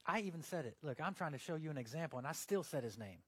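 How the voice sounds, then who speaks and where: Young guy pastor preaching loose and jokey, kinda high voice, dry close sound. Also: animated, quick pace, slightly rough, no room sound. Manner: conversational and joking, acting out little scenes. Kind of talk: casual sermon.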